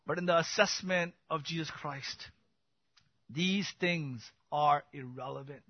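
High-voiced man preaching a sermon. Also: a little slow, dry recording, dull audio. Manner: swings from loud emphatic bursts to quiet intimate asides. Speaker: pastor. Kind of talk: expository sermon.

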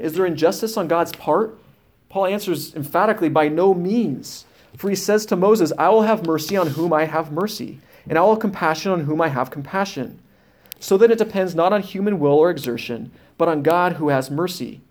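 Male preacher, fairly high voice, firm emphatic sermon teaching with scripture readings. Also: fairly quick. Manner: reads scripture aloud with restarts and "uh" fillers.

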